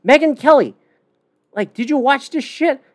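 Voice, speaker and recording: A woman's voice: sits high, animated, normal speed, no echo, studio quality. A woman hosting a podcast, ranting bluntly and profanely in casual talk with many fillers. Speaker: podcast host. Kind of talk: casual opinion rant.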